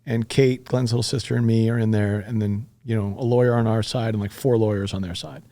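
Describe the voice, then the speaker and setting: A man's voice: lowish voice, steady tone, a little fast, warm tone. A man in his fifties, a podcast guest, telling a story in blunt, profane everyday talk. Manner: blunt and profane, retelling events with heat. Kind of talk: conversational storytelling.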